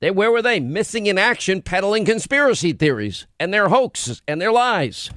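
A man's voice: high-pitched, very animated, normal speed, fairly bright tone, dry recording, clean studio sound. A male talk show host in an opinionated radio monologue, combative and sarcastic, rattling off lists of grievances.

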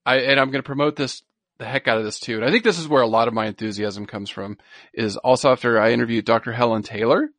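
A man's voice: medium pitch, fast talker, fairly bright tone, no room sound. A man in his thirties co-hosting a podcast in casual chat, enthusiastic and repeating words for emphasis. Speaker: podcast co-host.

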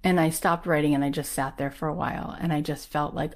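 A woman, telling a personal story in an animated way and acting out the voices she quotes. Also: deep voice, a little fast.

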